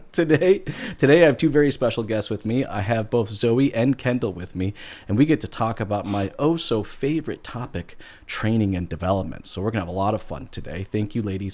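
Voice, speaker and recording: A man hosting a podcast interview, upbeat and jokey, chatting casually with his guests. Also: fairly low pitch. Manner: upbeat, jokey, loud greetings. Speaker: podcast host.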